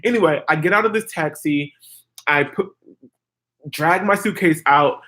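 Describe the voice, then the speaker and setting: A woman in her twenties, a vlogger, casually telling a story to her viewers in an animated, chatty way, full of "like" and "girl". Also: deep voice, a little slow. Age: 20s.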